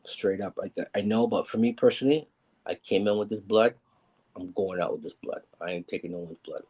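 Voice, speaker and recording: Man, candid storyteller, husky low voice, rambles with fillers. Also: fairly quick, a little mellow, rough recording. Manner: rambling and candid, many ums, acts out quoted people. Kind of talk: personal storytelling on a live show.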